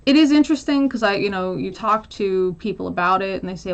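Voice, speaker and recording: A woman's voice: mid-range voice, fast, creaky, few pauses, highs cut off. An American woman casually chatting on a livestream, answering viewer questions with frequent laughs and fillers. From United States. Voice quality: chatty, laughs often, many fillers and trailing asides. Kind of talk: casual chat.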